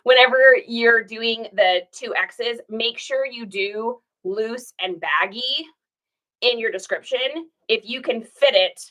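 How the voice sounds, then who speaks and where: Woman reseller chatting on a livestream, higher voice, lots of ums and likes, kinda conspiratorial. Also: slow, fairly bright tone, poor audio. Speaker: clothing reseller. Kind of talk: casual livestream tutorial.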